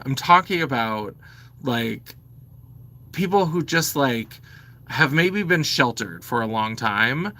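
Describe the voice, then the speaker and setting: A man in his forties rants to camera from home, blunt and fed up, with curses dropped in freely. His voice is lively, climbing and falling through each complaint. The tone is bright and tense. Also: medium pitch. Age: 40s. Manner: animated, blunt, sweary, exasperated. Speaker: vlogger. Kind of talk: ranting to camera.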